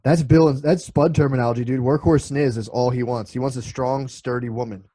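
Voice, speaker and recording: A man's voice: medium pitch, fairly even intonation, fairly quick, dark tone, no echo. A man in his thirties telling rambling, profane stories in a casual podcast chat. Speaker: podcast co-host.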